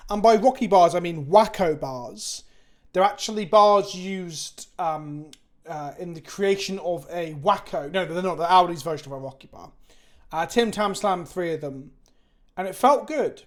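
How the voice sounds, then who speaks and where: An English man, high-voiced and unhurried, chats casually with his stream viewers. Tired and sluggish, he rambles and keeps putting himself down.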